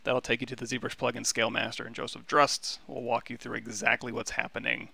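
A man giving a relaxed, rambling livestream tutorial on software, with many fillers and restarts. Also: mid-range voice, fairly quick, vocal fry, no room sound. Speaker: 3D sculpting instructor.

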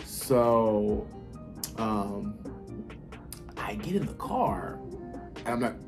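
A man telling a casual story to his viewers, animated and blunt, swearing freely and talking straight to them. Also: lowish voice, drawn-out words, pauses often, music in the background. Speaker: vlogger. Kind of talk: casual story time while eating.

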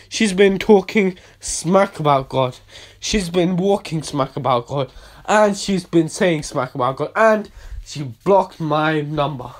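A man delivering a ranting monologue to camera, emphatic and repetitive, swinging between quiet and loud. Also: a little high. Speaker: video blogger.

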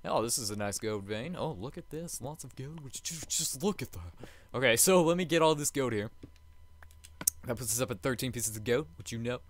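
A man hosting a let's play, chatty and jokey, swinging from hushed murmurs to loud excited outbursts. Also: medium pitch, fairly quick. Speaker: gaming channel host.

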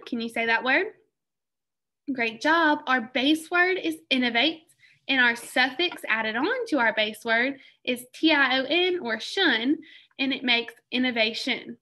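Bright, high-voiced encouraging teacher woman. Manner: encouraging, slow careful pronunciation of words. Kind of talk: recorded phonics lesson for children.

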